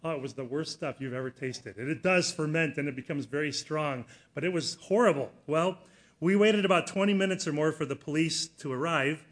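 A middle-aged man preaching a sermon, telling a personal story in an earnest way that rises to loud emphasis. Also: on the high side, a little fast.

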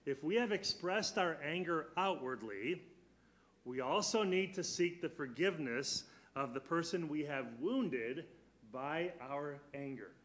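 A man teaches a church Bible class in a slightly high voice. He is earnest and keeps putting questions to his students. He slows down to press on key words. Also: lively intonation, fairly bright tone.

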